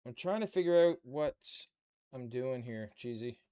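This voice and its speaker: A man's voice: mid-range voice, lively intonation, a little slow, mellow, clear, resonant tone. A man live-streaming a model-kit build, chatting with viewers and muttering to himself as he works. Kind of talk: casual live-stream chat.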